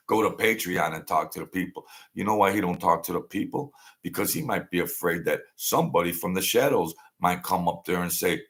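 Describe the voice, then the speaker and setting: A man's voice: low-pitched, a bit bright. A man hosting a show, delivering a sarcastic, mocking rant. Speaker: host. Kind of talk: ranting commentary.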